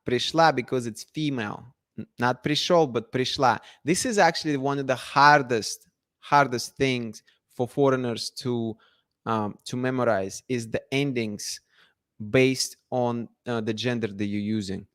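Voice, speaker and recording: A man's voice: medium pitch, unhurried, fairly bright tone, no room sound, studio quality. A man hosting a casual livestream, chatting and reading out viewer comments, laughing often. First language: Russian. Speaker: livestream host.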